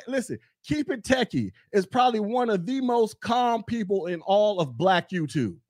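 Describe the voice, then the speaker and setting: Man, high voice, mocking podcast rant, dry close sound. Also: no echo. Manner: blunt, mocking, loud bursts. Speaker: commentary podcaster. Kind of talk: ranting casual commentary. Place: home, behind a desk.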